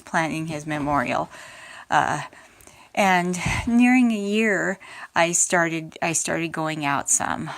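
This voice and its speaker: A woman's voice: lowish voice, fairly bright tone. A middle-aged woman speaking earnestly about her life, heartfelt and unscripted, with frequent fillers and restarts. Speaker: widow sharing her grief experience. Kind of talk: personal talk to camera.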